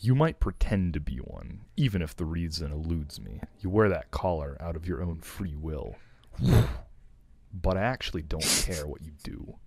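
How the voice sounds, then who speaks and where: Low-voiced man reading aloud with friends. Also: lively intonation, moderate pace, creaky, darkish tone, slightly rough, no room sound. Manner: joking, laughs between lines. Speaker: fan dub reader voicing Knuckles and narration. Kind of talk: casual group reading of a fan fiction.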